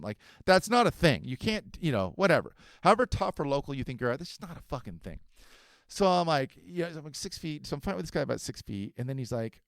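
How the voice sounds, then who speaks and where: Profane, animated man in his forties. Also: medium pitch, fairly quick, clear, resonant tone, dry recording. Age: 40s. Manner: profane, animated and self-mocking. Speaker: podcast host. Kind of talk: casual storytelling.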